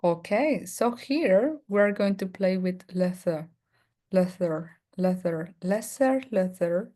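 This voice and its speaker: A woman whose first language is Spanish, teaching an online English pronunciation class, repeating words slowly and laughing often. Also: lowish voice, steady tone, mellow. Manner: slow, drawn-out drilling of words, laughs often.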